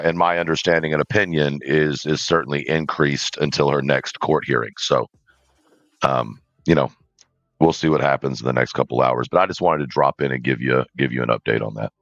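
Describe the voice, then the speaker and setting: A man speaking as a panel guest on a livestream, in a measured, cautious way with frequent ums. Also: rumbling low, dry recording. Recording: dull lo-fi dry call audio.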